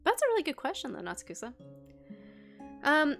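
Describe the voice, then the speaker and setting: A young woman playing through a game and chatting excitedly with viewers as she reacts out loud. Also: high-pitched, fairly quick, creaky, long pauses, soft background music. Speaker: gaming streamer. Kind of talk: let's play commentary.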